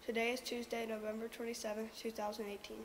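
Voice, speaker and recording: A young female student co-hosting morning school announcements, soft-spoken and a bit tentative. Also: a little high, little pitch movement, fast talker. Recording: reverberant room with faint noise.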